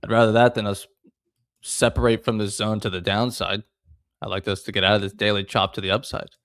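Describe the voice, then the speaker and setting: Male trading coach, low voice, direct and plain-spoken, dry close sound. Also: flat delivery, brisk, fairly bright tone, no echo. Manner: direct, coaching, matter-of-fact. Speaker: trading educator and stream host. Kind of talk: casual livestream instruction.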